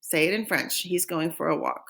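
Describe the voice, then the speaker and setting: A woman leads a recorded French lesson. She says each phrase slowly and clearly so that students can repeat after her, then moves on in an encouraging teacher's voice. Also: on the low side, a bit bright. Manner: slow modeling of phrases for repetition.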